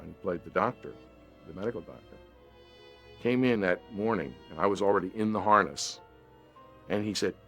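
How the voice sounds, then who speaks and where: A man's voice: lowish voice, fairly bright tone. An older man, an actor, recalling a film shoot in an interview, reflective and with stammering restarts. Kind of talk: anecdotal interview.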